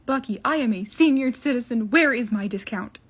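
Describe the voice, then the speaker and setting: A woman's voice: fairly high pitch, animated, a little fast, slightly rough. A woman doing a grumpy hundred-year-old soldier. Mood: grumbling.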